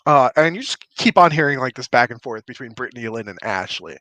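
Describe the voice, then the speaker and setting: A man's voice: medium pitch, lively intonation, quick pace, bright, forceful tone, dry recording. A man narrating a tabletop game as dungeon master, playful and chatty. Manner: playful, chatty, full of fillers like 'like'.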